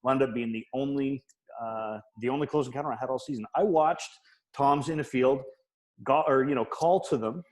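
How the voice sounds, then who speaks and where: A man's voice: mid-range voice, normal speed, low-quality recording. Rambling man telling stories. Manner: rambling storyteller, wry about his own failures. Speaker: guest hunter. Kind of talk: casual podcast chat.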